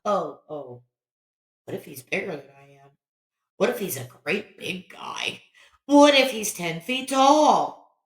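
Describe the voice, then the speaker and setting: A woman voicing a lonely, quick-tempered little boy with a high, excitable voice. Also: close to an everyday voice. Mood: worked up. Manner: high, excitable, shouting boyish voice. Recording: roomy echo.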